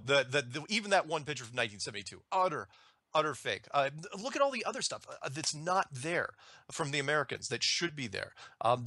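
A man's voice: medium pitch, sharp tone, no room sound, studio quality. A man ranting in a casual spoken monologue, emphatic and indignant, often restarting his sentences as he argues through an everyday analogy.

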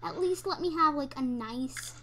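A young woman commenting on her own game play, excitable, yelping and squealing at times, then dropping to whispers. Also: sits high, moderate pace, slight background noise. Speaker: gamer.

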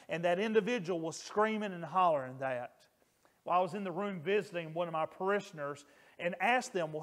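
Male pastor, middle-aged, higher voice, earnest sermon storyteller. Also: a bit bright. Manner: earnest, emphatic, raises voice on quoted screams.

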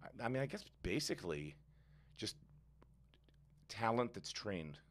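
A man in his sixties, a chef guest in a casual podcast interview, telling animated stories. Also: unhurried. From United States. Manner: animated storyteller, jumps up in pitch when indignant.

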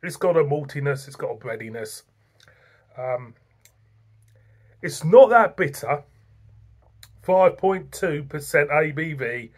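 Slow, husky English beer reviewer. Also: mid-range voice, expressive. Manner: unhurried, chatty, repeats phrases. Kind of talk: casual video review.

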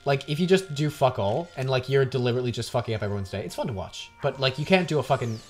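A man's voice: mid-range voice, fast talker, faint music behind. A young man chatting casually and rambling with plenty of swearing while co-hosting a video game playthrough, sounding tired. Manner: rambling, profane, animated. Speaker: let's play co-host. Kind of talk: casual gaming chat.

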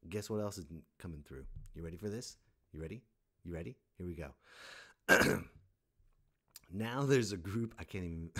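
A man hosting a comedy podcast, delivering a sarcastic, exasperated rant and laughing at his own jokes. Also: fairly low pitch. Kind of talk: stand-up style comic rant.

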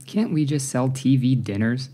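A man's voice: medium pitch, moderate pace, dark tone, natural voice. A man voicing a petulant thirteen-year-old boy who questions his mother. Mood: wistful.

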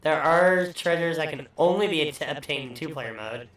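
Casting: man, higher-pitched, loose and profane game commentator, recorded in an echoey room away from the mic. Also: normal speed, a bit bright, distant mic. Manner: profane, rambling, joking. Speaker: let's play host. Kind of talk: casual gameplay commentary.

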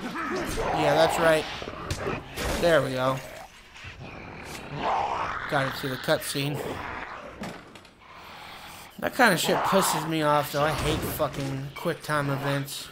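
A man's voice: on the high side, slow, pauses often, heavy background noise. Swearing, fed-up man playing a game. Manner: frustrated, cursing, loud bursts of complaint. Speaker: gamer. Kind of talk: let's-play gameplay commentary.

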